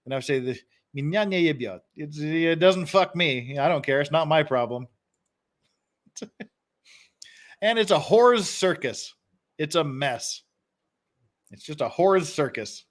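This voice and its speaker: Male stream host, slightly high voice, loose and chatty, quick to laugh. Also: lively intonation. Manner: chuckles often, reads phrases aloud. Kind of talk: casual live-stream commentary.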